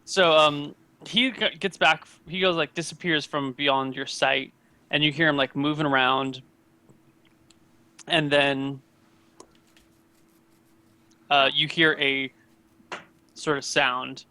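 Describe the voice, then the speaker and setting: A man narrating as game master in a tabletop game, casual and halting with many fillers. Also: on the high side, fairly even intonation, sharp tone, clear, resonant tone, no room sound.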